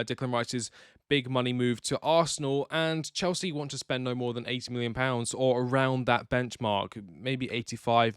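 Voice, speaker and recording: Young guy ranting about football on his channel, blunt and sarcastic, voice smooth and clear. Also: mid-range voice, no room sound, clean studio sound. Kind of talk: opinionated football commentary vlog.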